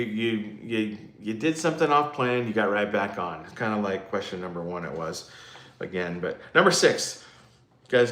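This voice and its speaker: A man hosts a casual livestream, rambling loosely, mocking himself, and chatting with viewers' live comments. His voice is fairly low and a bit bright. The room sounds echoey.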